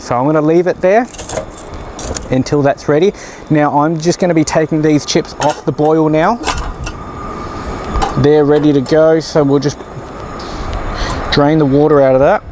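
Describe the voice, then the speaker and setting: A man's voice: a little high, steady tone, moderate pace, pauses often, noisy background. A man hosting a casual cooking tutorial outdoors by a barbecue, joking and encouraging as he explains each step. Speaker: cooking show host.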